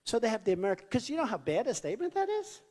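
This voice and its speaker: Guy doing a rambling campaign rally speech, pitched kinda high, swings up and down a lot, loud hall echo. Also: huge pitch swings, racing. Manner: rambling and repetitive, boastful; acts out quoted voices. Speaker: presidential candidate. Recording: long hall reverb.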